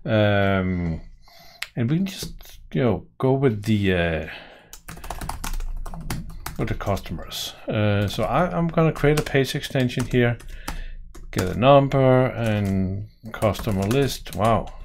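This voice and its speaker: Slow-talking man walking through code. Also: fairly low pitch, a little hiss or hum. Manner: relaxed, thinking aloud with many fillers and restarts. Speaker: software developer teaching coding. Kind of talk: casual screen-share tutorial.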